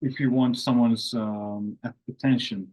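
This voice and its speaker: A man whose first language is Finnish talks through everyday phrases in a relaxed lesson. His voice is husky and a little breathy. He speaks very slowly and unhurriedly, pausing often to think aloud. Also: mid-range voice, low-quality recording. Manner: slow, explanatory, thinks aloud with many fillers. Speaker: language course host.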